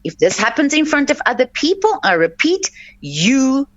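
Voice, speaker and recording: A woman's voice: sits high, very animated, normal speed, dry recording. A woman life coach hosting a radio advice show, talking earnestly and instructively with many fillers and restarts. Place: radio studio. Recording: dull lo-fi, dry radio audio.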